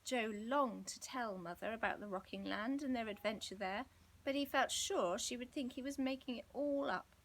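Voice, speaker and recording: A woman reading a children's storybook aloud in an expressive, gently dramatic way. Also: fairly high pitch, moderate pace, rough recording. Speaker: storybook reader.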